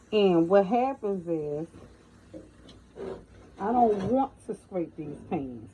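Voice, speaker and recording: A woman's voice: mid-range voice, mellow, slight background noise, low-quality recording. A middle-aged woman giving a folksy, chatty cooking tutorial in her home kitchen, often calling out to viewers as y'all. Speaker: home cook.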